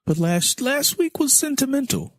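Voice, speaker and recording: A man's voice: very high voice, very animated, normal speed, fairly bright tone, dry recording. A man co-hosting a casual podcast, teasing his partner with playful jabs. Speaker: podcast co-host.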